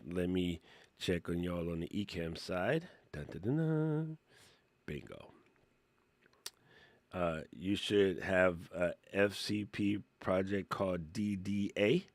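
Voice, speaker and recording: A man with a lowish voice walking through software in a casual tutorial. He talks in an excitable, slangy way and laughs often, and the recording is dry and close. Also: no echo. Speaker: tech streamer.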